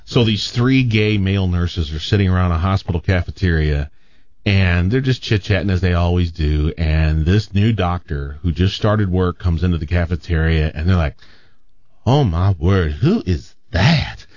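A man's voice: low voice, moderate pace, dry recording, dull audio. A man hosting a radio show in casual chat, telling a story with many restarts. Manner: rambling with restarts, animated joke telling.

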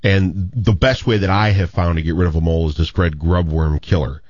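A man on a talk radio show, rambling and animated as he tells stories and asks for advice. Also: low voice, a little fast, dry recording, highs cut off. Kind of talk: chatty talk radio banter.

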